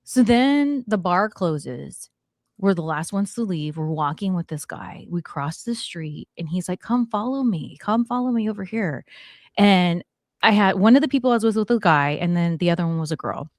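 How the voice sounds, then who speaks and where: A woman in her forties hosting a talk show, telling a story in a lively way and acting out what people said. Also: lowish voice, normal speed, no room sound, clean studio sound. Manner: animated, acts out quotes, swears it is true. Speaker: podcast host. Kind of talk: storytelling chat.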